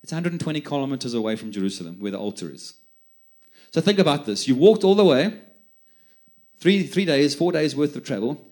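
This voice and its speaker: Expressive and fairly quick, this middle-aged South African man preaches in a voice on the high side with a darkish tone. His sermon stories are conversational, with frequent repeated words as he starts over.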